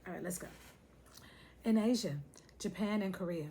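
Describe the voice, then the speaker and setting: A woman's voice: medium pitch, normal speed, dark tone, slightly rough. A woman hosting a casual talk to her viewers, chatty and playful, speaking to them directly. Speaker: host.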